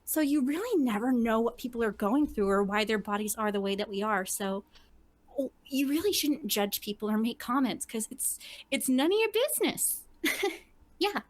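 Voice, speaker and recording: A woman's voice: fairly high pitch, lively intonation, moderate pace. A woman on a podcast panel, talking about cosplay in a candid, blunt, casual way.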